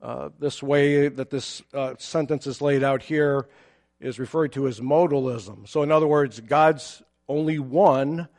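A pastor preaching a sermon, explaining a Bible passage in a measured, teacherly way with occasional fillers. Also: male voice, mid-range voice, a little mellow.

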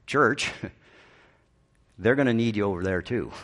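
A man's voice: on the low side, a little fast. A middle-aged man preaching a sermon as pastor, swinging up to emphatic peaks and dropping into dry, self-aware humor.

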